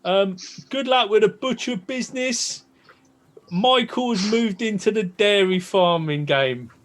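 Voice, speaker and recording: A man's voice: sits high, takes it slowly, fairly bright tone. A man playing a tabletop game in character, jolly and a bit pompous, often stammering. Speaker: player.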